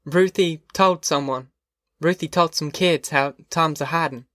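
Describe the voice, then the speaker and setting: A man voicing a weary, steadfast migrant mother who speaks quietly and firmly in a rural drawl. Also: a little high, steady tone, moderate pace, dry recording, clean studio sound, voice pushed up. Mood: urgent, worried.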